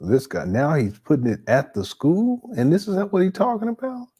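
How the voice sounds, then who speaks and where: A man's voice: fairly high pitch, huge pitch swings, normal speed, warm tone, slightly rough. A man hosting a live stream, reacting to a clip with incredulous, exasperated, stammering commentary. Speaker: livestream commentator.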